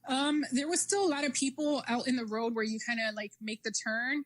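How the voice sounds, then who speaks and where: A woman's voice: a little high, steady tone, fairly quick, fairly bright tone. Chatty woman, lots of fillers. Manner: rambling, many "like" and "um" fillers. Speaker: triathlete guest. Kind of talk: casual interview chat.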